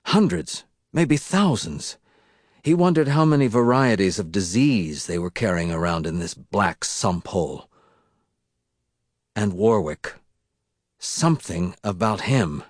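A man narrates an audiobook in a measured, deliberate way. His voice sits low. The recording is dry, with little room sound. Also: animated, no echo.

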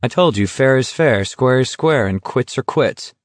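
A man voicing a weary young male walker who speaks in an even, clinical way. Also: medium pitch, moderate pace, dry recording, close to an everyday voice. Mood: cool.

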